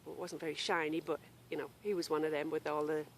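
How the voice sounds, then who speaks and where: A woman's voice: sits low, little pitch movement, fast, slight background noise. A woman hosting a knitting podcast from outdoors in a grassy yard, chatting casually and apologising for interruptions. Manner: chatty and apologetic, breaking off to call a wandering dog.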